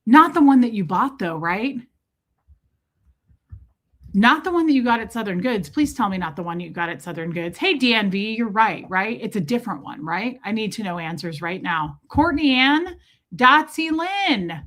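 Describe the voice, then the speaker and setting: A woman hosting a casual livestream, chatting and greeting viewers by name in quick bursts, a bit breathless in a warm small room. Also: on the high side, animated. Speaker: livestream host. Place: small room with door shut.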